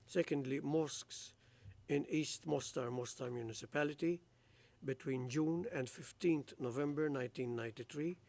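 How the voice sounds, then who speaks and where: Male judge, formal judgment reading, slow pace, gravelly texture. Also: medium pitch, a little mellow. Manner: slow, measured legal recitation. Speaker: presiding judge.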